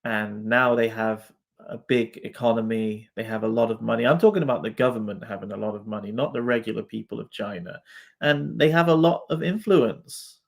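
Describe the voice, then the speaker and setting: A man's voice: fairly low pitch, fairly quick, gravelly. A man hosting a live stream, reacting to chat comments in a casual, swearing, laughing way. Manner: swears freely, laughs often, talks to comments.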